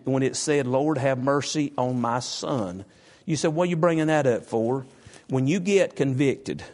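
Folksy preacher man. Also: a little mellow. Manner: folksy, emphatic, jumps into high pitch for emphasis. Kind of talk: sermon.

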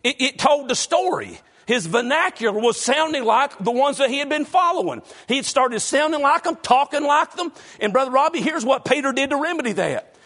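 A middle-aged pastor preaches with a strong North Carolina mountain accent in a strikingly high voice. He speaks in a folksy way, naming members of his congregation as he goes and rising into shouts. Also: expressive, a little fast, hardly any pauses. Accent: North Carolina mountain Southern. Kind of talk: sermon.

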